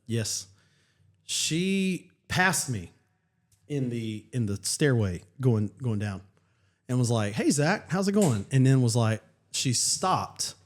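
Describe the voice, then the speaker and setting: Pastor, male, mid-pitched, earnest halting testimony. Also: lively intonation. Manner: earnest, halting, many restarts. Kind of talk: personal testimony in casual chat.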